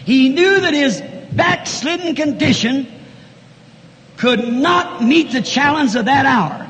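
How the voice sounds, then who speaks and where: A man with a very high, ringing voice preaches a fervent sermon in a large church. He swings between shouted peaks and quiet, intimate asides. The old recording carries a long hall reverb and a faint hiss underneath. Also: expressive, takes it slowly.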